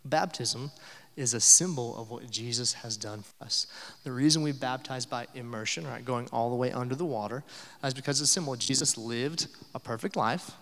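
A man's voice: medium pitch, normal speed, a bit bright, big-room sound. A young adult man preaching a sermon as pastor, conversational, with filler uh's and rhetorical questions.

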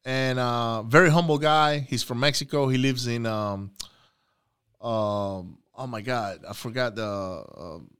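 A man co-hosting a casual podcast, an animated storyteller who breaks off for quick asides and shout-outs. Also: mid-range voice, smooth. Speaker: podcast co-host, real estate investor.

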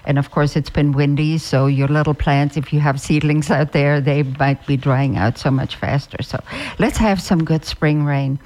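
A woman's voice: low voice, steady tone, moderate pace, a little mellow. A woman who is a master gardener, chatting casually as a radio guest and often repeating and restarting words.

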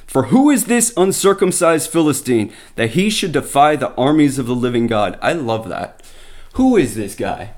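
A man preaching on a Bible story, retelling it with lively asides and many restarts. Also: medium pitch, moderate pace. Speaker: Bible teacher. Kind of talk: sermon.

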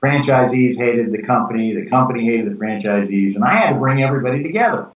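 A man's voice: mid-range voice, fast talker, a little hiss or hum. An older man talks through business anecdotes and slips into the voices of people he quotes. He sits back from the microphone, and the room gives his voice a roomy echo. The recording sounds a little dull. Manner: animated anecdotes with quoted dialogue. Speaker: guest, former company president. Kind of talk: conversational storytelling. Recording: echoey, distant, dull sound.

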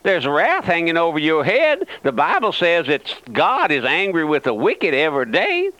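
Fervent older radio preacher, lively pitch. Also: male voice, normal speed, no room sound, poor audio. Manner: fervent, repeats phrases, calls himself the old trailblazer. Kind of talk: radio sermon.

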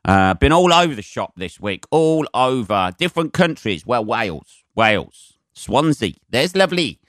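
A man's voice: on the low side, sing-song, moderate pace, a bit bright, no room sound, clean studio sound. A man hosting his own podcast in a casual, rambling, sweary chat full of fillers. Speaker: podcast host and stand-up comedian.

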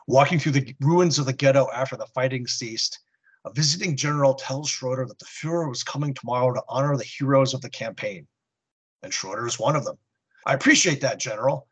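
A husky-voiced man hosts a podcast and narrates a comic book story in a casual, earnest way. He drops in wry asides between the plot beats. His tone stays grounded and even. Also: medium pitch. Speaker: podcast host.

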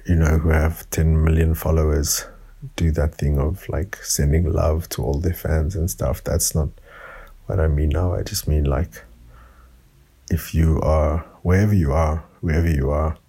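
A man from South Africa recording a rambling late-night voice note for his podcast, speaking softly after drinking wine. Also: very deep voice, flat delivery, unhurried, creaky, breathy edge. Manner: soft-spoken, rambling. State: tipsy from wine. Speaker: podcast host. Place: room at home.

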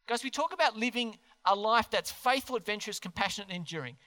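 Animated, earnest male pastor preaching in a hall. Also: high voice, quick pace. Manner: animated, earnest, asks the congregation questions. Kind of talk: sermon. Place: church hall. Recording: long hall reverb.

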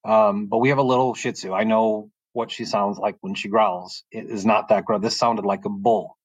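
Calm, halting middle-aged man. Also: fairly low pitch, no room sound. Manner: halting and emotional, frequent restarts; calm, soft-spoken. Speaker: podcast guest sharing testimony. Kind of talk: personal testimony, casual storytelling.

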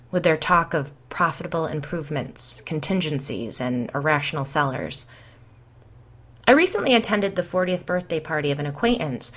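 A woman's voice: low voice, fairly bright tone. A woman hosting a podcast and narrating a ghost story in a wry first-person voice, acting out the dialogue.

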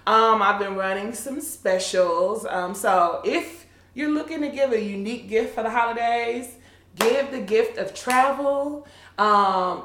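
A woman's voice: medium pitch, fairly bright tone, roomy sound. A woman co-hosting a casual podcast chat, talking candidly and bluntly, laughing often. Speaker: podcast co-host.

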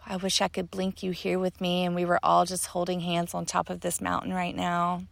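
A woman's voice: lowish voice, monotone, normal speed, creaky, hardly any pauses, a bit bright. A woman hosting her own podcast, talking in a heartfelt, gushing and spiritual way, full of thanks and "like" fillers. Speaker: podcast host. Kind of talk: heartfelt solo podcast talk.

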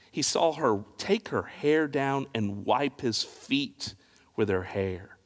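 A man's voice: a little high, fairly bright tone. A male pastor delivering a sermon with dramatic swings of emphasis and pointed rhetorical questions. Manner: dramatic, rising and falling preaching with rhetorical questions. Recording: long reverb of a large hall.

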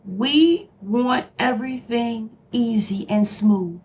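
A woman's voice: fairly high pitch, slow pace, a little mellow, dull audio. A woman pastor preaching on her podcast, passionate and emphatic, repeating key lines for emphasis.

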